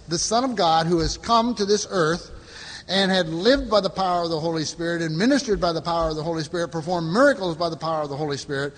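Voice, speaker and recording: A man with a high voice leads a Bible study, reading verses and explaining them in a plain, unhurried way. He stops often for fillers and restarts. The sound carries a long reverb, as in a large hall. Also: fairly bright tone. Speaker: Bible teacher.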